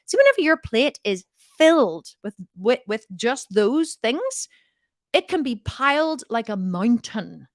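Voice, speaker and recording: A woman's voice: a little high, big pitch swings, measured pace, no echo, clean studio sound. A woman diet coach answering viewer questions in a live Q&A, blunt and direct, often laughing and swearing jokingly.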